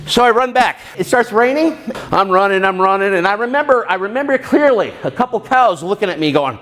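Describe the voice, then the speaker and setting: A middle-aged man telling a story to an audience, animated and acting out the voices of people in it. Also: high-pitched, normal speed, slight background noise.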